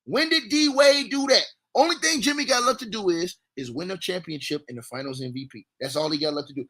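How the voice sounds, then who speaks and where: Hyped high-voiced man trash-talking on stream. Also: brisk, hardly any pauses. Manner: loud, repetitive, trash-talking. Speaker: livestream sports commentator. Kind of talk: hyped livestream sports talk.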